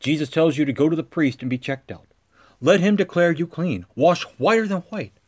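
A pastor delivers a sermon in a man's fairly high voice. He keeps a steady, measured cadence and swells into stronger emphasis on key lines.

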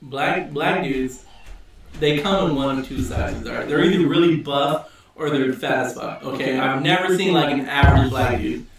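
A man's voice: medium pitch, normal speed, creaky. A man co-hosting a podcast, cutting in with crude jokes and casual banter. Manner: crude, joking. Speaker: podcast co-host. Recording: echoey room, distant mic.

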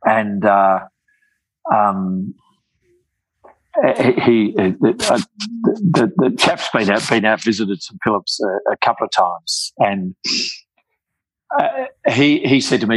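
Older man, halting storyteller. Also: on the low side, expressive, breathy edge, no room sound, poor audio. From Australia. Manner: halting, many restarts and repeated words. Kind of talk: casual chat, storytelling.

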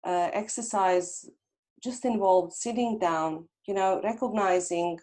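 Middle-aged woman therapist, gentle and reflective, normal mid pitch, chatting in an interview. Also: a little slow. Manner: gentle, reflective, acts out inner dialogue. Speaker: hypnotherapist guest. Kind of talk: conversational interview.

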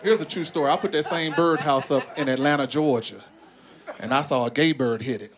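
A man from Arkansas with a Southern accent, doing a profane, animated stand-up set on stage in front of a live audience. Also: fairly quick. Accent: Southern American. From Arkansas, USA. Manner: animated, profane storytelling with big pitch swings into voiced characters. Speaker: stand-up comedian. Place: large live comedy venue with laughing audience. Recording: live crowd laughter and noise.

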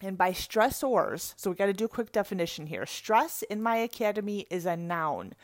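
A middle-aged woman coach talks in a lively, conversational way and often breaks into laughter. Her voice sits in an ordinary middle pitch. The recording is dry, with no room echo. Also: moderate pace. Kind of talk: motivational talk.

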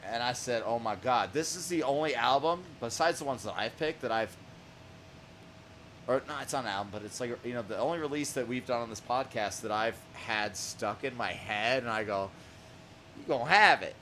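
A man hosting a music podcast in casual chat, profane and excitable, laughing often and shouting out lines he quotes. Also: mid-range voice, moderate pace, slight background noise. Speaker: podcast host.

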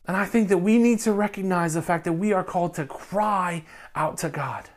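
A man, a pastor preaching a passionate sermon that swings from quiet reflection to loud appeals. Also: high voice, moderate pace. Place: church recording during lockdown.

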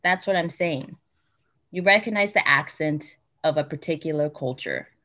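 A woman calmly explaining her view in a casual interview, emphatic and a little lecturing. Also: low-pitched, normal speed. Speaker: interview guest. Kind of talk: casual conversation. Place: Utah.

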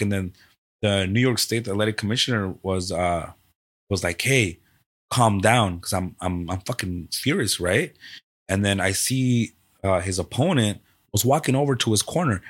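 A man who owns a Muay Thai gym and coaches fighters, chatting casually on a podcast, telling stories with swearing and acted-out quotes. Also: lowish voice. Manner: animated storytelling, acts out quoted exchanges, swears freely.

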